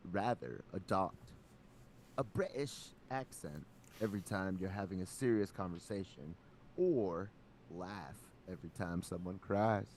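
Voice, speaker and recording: A man co-hosts a laid-back podcast chat and rambles through his points with plenty of filler words. His voice is very deep. A faint hiss hangs behind it. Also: unhurried, a little mellow. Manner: rambling, heavy use of "like". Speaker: podcast co-host.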